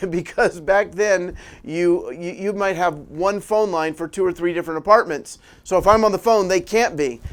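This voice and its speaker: A middle-aged man preaching in a sermon style, telling a personal story with animated delivery and frequent small laughs. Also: high voice, clear, resonant tone. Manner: animated storyteller, laughs often, restarts phrases.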